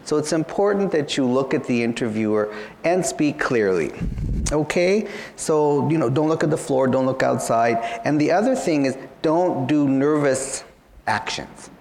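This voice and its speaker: A man's voice: fairly high pitch, expressive, normal speed, a little mellow, slight background noise. A man tutoring students for an interview exam, explaining each point patiently and often saying "you know". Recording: long hall reverb.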